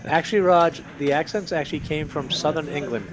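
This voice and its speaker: A man's voice: on the high side, brisk. A man with a Massachusetts accent joining as guest commentator on a poker stream, friendly and bantering.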